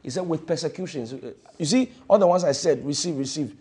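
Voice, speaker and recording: In a church, a male pastor preaches a fervent sermon, repeating phrases and swinging from loud declarations to hushed lines. His voice is a little high and husky, and his delivery is brisk.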